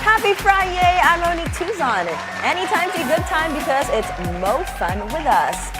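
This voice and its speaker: A chatty woman co-hosts a morning program. Her high voice swings widely in pitch. Music plays under her. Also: big pitch swings, normal speed, a loud crowd. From Philippines. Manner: chatty, giggly. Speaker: morning show co-host. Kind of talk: playful studio banter.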